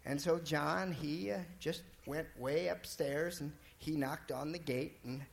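A man telling a folk tale in a drawling, folksy, relaxed way. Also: on the high side, a little slow, gravelly. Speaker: storyteller.

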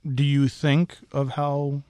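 A man hosting a radio book show, asking measured, courteous questions and closing the program. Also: fairly high pitch, little pitch movement, a little mellow, smooth, no room sound. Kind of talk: radio interview.

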